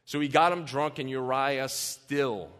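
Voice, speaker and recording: A man's voice: mid-range voice, measured pace, a bit bright, smooth. A man preaching a sermon, reading scripture aloud and then explaining it earnestly in casual terms, in a church hall. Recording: long reverb in a large hall.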